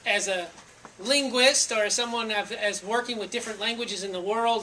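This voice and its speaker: A woman's voice: a little high, normal speed, pushed and bright, slight background noise. A woman giving a conversational, reflective sermon, listing examples one by one, recorded from a distance in a church hall. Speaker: preacher. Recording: roomy echo from a distant mic, faint ambience.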